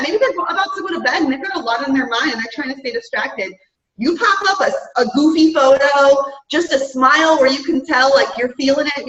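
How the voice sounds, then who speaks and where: A woman's voice: high-pitched, pushed and bright. A woman giving an upbeat, chatty motivational talk to her business team, often saying "guys" and "right?". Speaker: fitness business coach. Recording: roomy, distant, dull-sounding mic.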